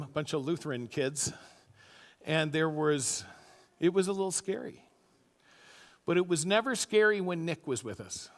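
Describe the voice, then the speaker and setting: High-voiced pastor preaching in a reverberant church. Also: male voice. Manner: storytelling, acts out quoted voices with sudden loud high bursts. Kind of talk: sermon. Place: church sanctuary. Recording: church hall with long reverb.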